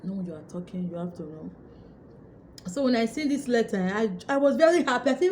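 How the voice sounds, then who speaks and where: A young adult woman YouTuber telling her viewers a story in a casual vlog, acting out her own excited shouts. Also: on the high side, a little fast.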